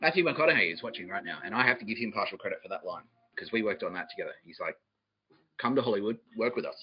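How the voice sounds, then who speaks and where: A man's voice: low-pitched, lively intonation, very fast. Male podcast host; profane, rambling comic monologue; slightly muffled recording with faint music. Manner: profane, rambling, laughs mid-sentence.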